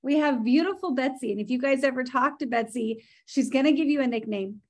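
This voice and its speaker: A woman hosting a relaxed team call, her voice sitting a little higher than most. She talks in a gushing, chatty rush, full of praise and fillers like "right?" and "like". It is casual, friendly video-call talk. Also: fairly quick.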